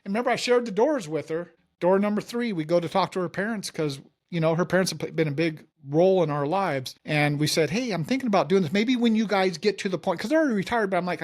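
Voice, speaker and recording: A man, a mortgage company founder, telling his story in a casual interview and acting out the dialogue. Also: high voice.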